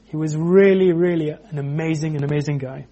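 A man preaching an informal sermon, animated, acting out quotes with frequent restarts. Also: a little high, a little fast, highs cut off.

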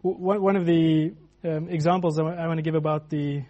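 A man's voice: fairly high pitch, steady tone, a little fast, warm tone, dull audio. A man preaching a sermon in a loose, conversational way, with many restarts and filler words.

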